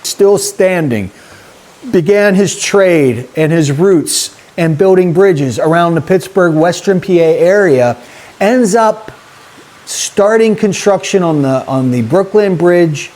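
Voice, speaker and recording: A man's voice: fairly high pitch, darkish tone. A man hosting a casual vlog, rambling and chatty as he talks straight to his viewers. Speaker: YouTube host.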